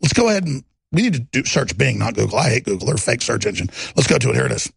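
A man's voice: mid-range voice, sing-song, very fast, gravelly, slightly rough, dry recording, studio quality. A man hosting a broadcast, giving heated, mocking political commentary with lots of insults. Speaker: host.

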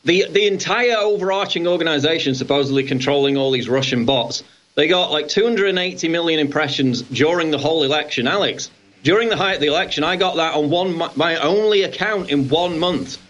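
Male co-host, mid-range, steady and explanatory, muffled lo-fi audio. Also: fairly high pitch, brisk. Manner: steady, explanatory, reading out quotes. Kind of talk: political talk show discussion. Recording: dull lo-fi line.

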